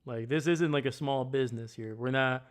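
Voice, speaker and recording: A man's voice: mid-range voice, normal speed. A man hosting a casual live stream, ranting bluntly and heatedly about sports. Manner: greets chat viewers loudly. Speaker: livestream host.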